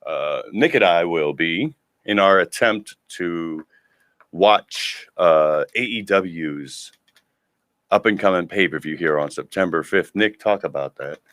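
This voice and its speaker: Male podcast host, lower voice, sarcastic and jokey, dry mic. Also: lively intonation, slow, a bit bright, dry recording. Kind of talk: casual podcast chat.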